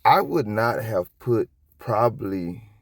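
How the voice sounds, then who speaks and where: A man giving casual reaction commentary on a police video, rambling and profane, with sudden high-pitched outbursts. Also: lively intonation, slow pace, no echo, studio quality. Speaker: copwatch commentator.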